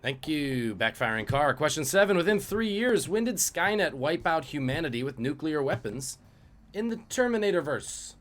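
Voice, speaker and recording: A man's voice: a little high, sing-song, normal speed, a bit bright. A man hosting a live-streamed trivia quiz, reading questions and joking about viewers' guesses. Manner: jokey, reads out questions and chat guesses. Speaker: trivia host.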